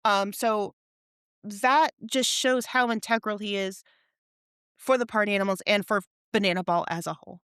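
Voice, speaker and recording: Chatty woman with a smooth voice. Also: mid-range voice, normal speed, no echo, studio quality. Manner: excitable, laughs often, rambling. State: tired. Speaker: podcast co-host. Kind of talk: casual chat.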